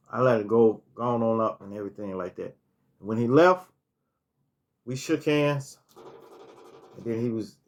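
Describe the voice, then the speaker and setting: A middle-aged man telling casual stories on a vlog, rambling, restarting words and filling with "you know" as he recalls things. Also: mid-range voice. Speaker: storytelling vlogger. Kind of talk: casual storytime monologue.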